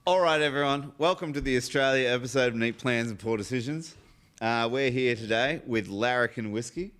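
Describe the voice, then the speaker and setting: Smooth-voiced casual male host. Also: mid-range voice. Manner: relaxed, explanatory, swears casually. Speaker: host of a whiskey tasting show. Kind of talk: casual tasting chat.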